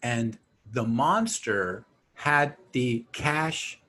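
A man's voice: medium pitch, animated, very slow, bright, forceful tone. A man casually retelling a horror movie scene by scene, acting out the characters' lines and laughing often. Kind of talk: casual movie recap chat.

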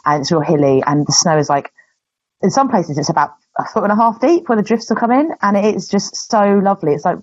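A woman with a husky, slightly low voice co-hosts a podcast in a relaxed chat. She talks in a chatty, enthusiastic way and teases her co-host. The audio sounds a little dull and muffled. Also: quick pace. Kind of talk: casual chat.

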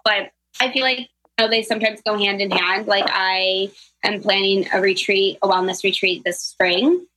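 Bright, upbeat young woman guest. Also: medium pitch, no echo, low-quality recording. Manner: upbeat, reflective, many filler "like"s. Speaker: podcast guest, travel planner and health coach. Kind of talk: casual chat.

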